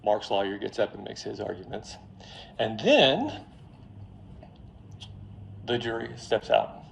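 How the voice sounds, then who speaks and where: A man lecturing on finance in a classroom, telling a story in a lively, joking way straight to his students. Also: on the low side, slow, vocal fry, a little hiss or hum. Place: classroom before a live audience.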